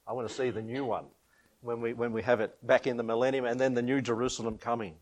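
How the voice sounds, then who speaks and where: A man's voice: mid-range voice, steady tone, fast. A man preaching a sermon, chuckling often and rising and falling for emphasis.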